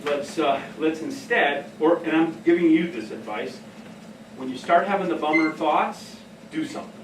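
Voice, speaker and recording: A middle-aged man giving a casual talk on behavioral care, telling stories in an animated way and laughing often. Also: on the high side, normal speed, slight background noise. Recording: echoey room from far off.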